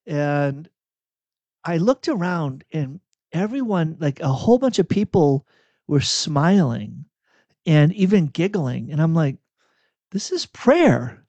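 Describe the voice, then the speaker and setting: A preacher telling chatty, self-deprecating anecdotes in a sermon. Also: male voice, fairly high pitch, lively intonation, measured pace, dark tone, no room sound. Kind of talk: storytelling sermon. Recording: dull, dry lo-fi recording.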